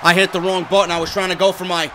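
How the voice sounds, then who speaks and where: A man giving excitable, profane wrestling play-by-play over a video game he is playing, often shouting. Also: high-pitched, very fast, a crowd in the background. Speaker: gameplay commentator.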